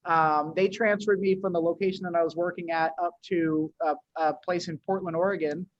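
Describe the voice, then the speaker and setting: A man from New England with a slightly high, steady voice speaks briskly as a podcast guest who owns an agency. His casual interview chat is loose and slangy, full of "dude" and restarted sentences. The recording is dull, dry and lo-fi.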